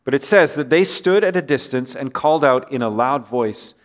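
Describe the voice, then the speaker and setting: A male pastor preaching in a relaxed, conversational way, with a voice of ordinary middle pitch. He keeps checking in with his listeners through rhetorical questions. His voice sinks softer and lower as phrases end. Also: normal speed. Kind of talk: sermon.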